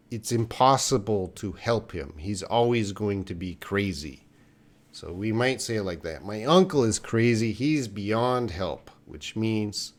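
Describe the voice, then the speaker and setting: A man teaching English on a live stream, answering viewers' questions with patient explanations and example sentences. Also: lowish voice.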